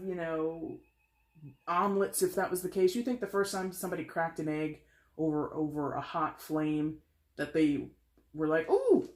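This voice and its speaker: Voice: mid-range voice, darkish tone, echoey room. A tarot reader from the States giving a blunt, tough-love reading with a sarcastic edge. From United States. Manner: sarcastic, mimics whiners.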